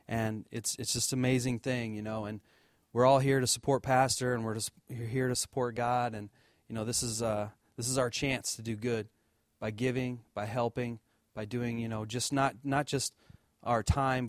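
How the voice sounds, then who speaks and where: A man speaking as a church deacon, giving an earnest offering talk with fillers and restarts and a lively told story. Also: mid-range voice, no room sound, clean studio sound. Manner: earnest, loose, many fillers and restarts, livens up telling a joke story.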